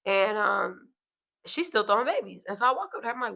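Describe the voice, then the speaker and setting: A woman co-host in casual chat, telling a story about her kids with gravelly fry in her voice. She jumps into the voices of the people she quotes and swears without a second thought. The recording is a little dull and lo-fi. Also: mid-range voice, quick pace. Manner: animated storyteller who acts out quotes, swears freely. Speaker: podcast co-host and mother.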